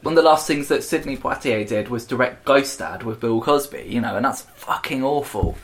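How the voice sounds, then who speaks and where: A man's voice: medium pitch, fairly quick. A man co-hosting a casual music chat, dry and offhand, with frequent swearing. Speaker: podcast co-host.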